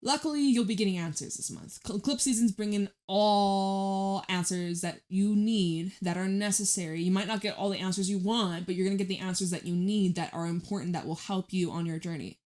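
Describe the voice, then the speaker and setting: A woman's voice: medium pitch, a little fast, hardly any pauses, a little mellow. A woman giving a casual tarot reading, chatty and emphatic, who swears freely. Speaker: tarot reader.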